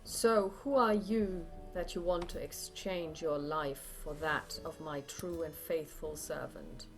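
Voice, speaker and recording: A woman voicing a summoned male demon with a gravelly voice, slow and menacing. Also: low voice, soft background music, pitched below the performer's own voice.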